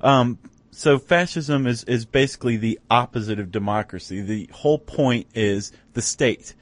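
A man's voice: medium pitch, normal speed, no echo. Dry-sounding chatty male podcast co-host. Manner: chatty and wry, with many fillers and restarts. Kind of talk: casual conversational podcast.

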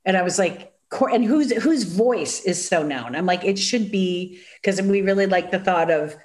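A woman with a nasal Chicago accent, chatting as a guest and telling animated stories full of acted-out quotes. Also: on the low side, normal speed. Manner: animated storyteller, acts out quotes, many fillers. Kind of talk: casual chat.

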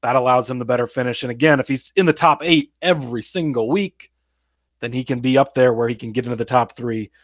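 A man co-hosting a sports betting podcast, laying out his picks in a steady, explanatory, plain-spoken way. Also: medium pitch, brisk, dry recording, studio quality. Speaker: podcast co-host. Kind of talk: casual sports betting analysis.

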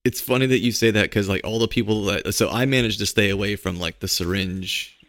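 A middle-aged man co-hosting a podcast, hoarse from a cold, chatting in a laid-back way and laughing often. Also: on the low side, brisk, a bit bright, no room sound, clean studio sound. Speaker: podcast co-host. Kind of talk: casual podcast chat.

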